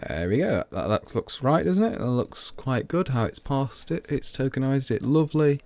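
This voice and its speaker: A man's voice: medium pitch, animated, moderate pace, a little mellow. A tipsy man streaming live, thinking aloud as he codes and chatting to viewers in rambling asides. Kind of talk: thinking aloud while coding.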